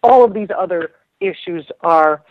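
A woman's voice: fairly low pitch, moderate pace. A woman chatting casually as a guest on a radio talk show, rambling with frequent restarts. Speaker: guest commentator. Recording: dull lo-fi radio sound.

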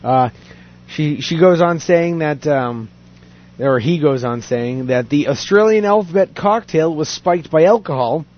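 A man with a fairly high voice reads a story aloud in a relaxed chat. He pads his reading with fillers and quick asides. The recording sounds dull and lo-fi. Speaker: podcast host reading a news story. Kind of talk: casual chat.

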